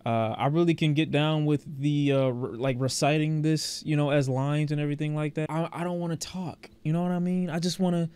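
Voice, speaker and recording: A man's voice: on the high side, fairly even intonation, brisk, few pauses, mellow, clear, resonant tone, dry recording. A man giving a casual, rambling reaction to a music album, often repeating words and breaking into song. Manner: chatty, rambling, repeats words, sings along. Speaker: music reviewer. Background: album music playing.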